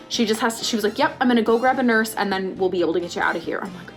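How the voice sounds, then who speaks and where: A pregnant young woman vlogging, telling a story casually and acting out quotes with big jumps in pitch. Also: rapid-fire, hardly any pauses, soft background music.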